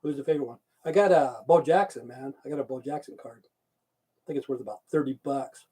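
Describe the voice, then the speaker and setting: A man's voice: mid-range voice, a little fast, dark tone, husky. A man from Idaho hosting a live stream, chatting casually, swearing often and answering viewers' chat messages aloud. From Idaho, USA.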